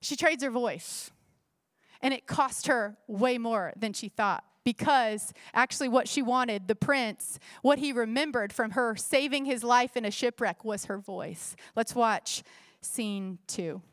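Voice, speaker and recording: A woman's voice: fairly high pitch, no echo. A middle-aged woman pastor giving a sermon in a church, preaching in a conversational way with rhetorical questions.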